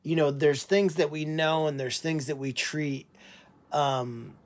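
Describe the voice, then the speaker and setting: A man who runs an animal sanctuary, talking casually on a livestream, tired and unwell, halting with many fillers and restarts. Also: a little high, fairly even intonation.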